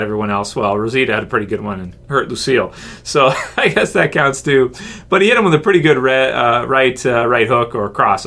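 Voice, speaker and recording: Bright-voiced chatty man. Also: mid-range voice. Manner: rambling, chatty, quick to laugh. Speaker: host answering viewer questions. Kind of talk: casual Q&A chat.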